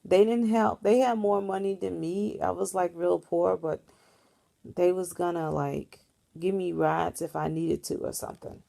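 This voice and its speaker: A woman with a fairly low, gravelly voice tells a dream to the camera, rambling and earnest. She talks casually, like a vlogger speaking off the cuff. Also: fairly even intonation, a little slow, mellow. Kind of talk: casual spoken recounting of a dream.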